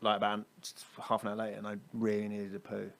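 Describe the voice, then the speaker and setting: A man's voice: on the low side, monotone, fast talker, gravelly, fairly bright tone. A man with a British accent, a comedian guest telling a rambling story in casual podcast chat. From Britain.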